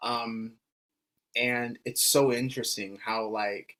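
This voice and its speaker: A man co-hosting a podcast in casual chat, halting and hesitant, often pausing with "um" and restarting sentences. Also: mid-range voice, fairly even intonation, fairly bright tone. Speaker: podcast co-host.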